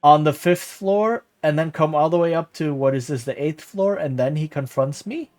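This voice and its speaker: A man's voice: on the high side, moderate pace, a little mellow. A man streaming gameplay, chatting casually with incredulous, sarcastic asides.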